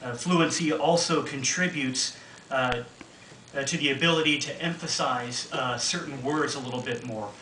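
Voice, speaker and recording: A man's voice: mid-range voice, normal speed, sharp tone, a little hiss or hum. A man giving feedback on a reading, hesitant and full of uhs and ums. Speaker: reading instructor. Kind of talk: spoken feedback. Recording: roomy, distant mic, faint ambience.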